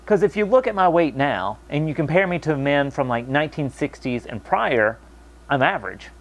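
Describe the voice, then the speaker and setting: A young American man talking casually to camera, animated, mocking other people's voices when quoting them. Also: fairly high pitch, normal speed. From United States. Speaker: vlogger.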